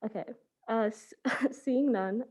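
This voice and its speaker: Young woman chairing a meeting, mellow voice pitched a little high, reads from a script. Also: poor audio. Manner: reads prepared statements, then runs the agenda briskly. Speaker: student senate chair. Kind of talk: presiding over a formal meeting.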